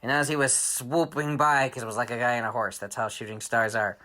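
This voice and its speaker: A man hosting a children's story podcast, telling an improvised tale with shouted sound effects and dramatic hushed asides. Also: mid-range voice, steady tone, fairly quick.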